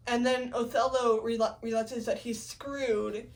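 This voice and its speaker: A woman's voice: fairly high pitch, steady tone, normal speed, distant mic. A woman casually recapping a play as co-host, chatty with wry asides.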